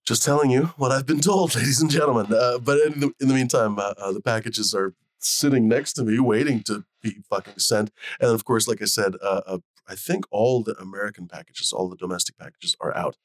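A man's voice: medium pitch, fairly quick, few pauses, no echo. A man hosting a casual livestream, rambling with lots of fillers and casual swearing. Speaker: host. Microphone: desk mic on a live video call.

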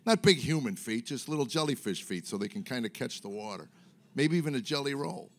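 A man's voice: mid-range voice, expressive, fairly quick. A middle-aged man doing a stand-up comedy set on stage, telling rambling, self-mocking stories full of fillers. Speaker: stand-up comic. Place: comedy stage before a live audience.

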